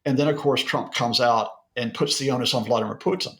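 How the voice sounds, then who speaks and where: A man's voice: mid-range voice, brisk, a bit bright. A male professor being interviewed as a guest analyst, explaining at length in a lecture-like way with occasional fillers. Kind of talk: broadcast interview.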